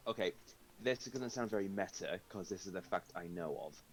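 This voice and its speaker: A man's voice: low voice, expressive, brisk, low-quality recording. A man playing a tabletop game, breaking in with earnest explanatory asides. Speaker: player.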